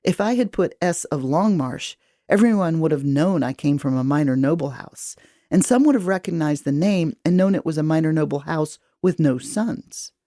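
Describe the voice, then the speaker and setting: A woman reading first-person audiobook narration in a measured, even way. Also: deep voice, dry recording, clean studio sound.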